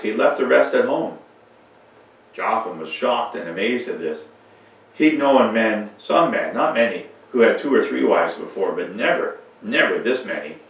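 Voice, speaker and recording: A man reading a children's story aloud in a church, telling it expressively. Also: lowish voice. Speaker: reader. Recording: echoey church from far off.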